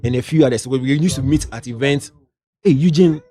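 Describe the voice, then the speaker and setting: Speaking fairly quickly in a mid-range voice, a middle-aged entertainment journalist with a Ghanaian accent shares colorful anecdotes. The interview is casual, and he lapses into local slang along the way.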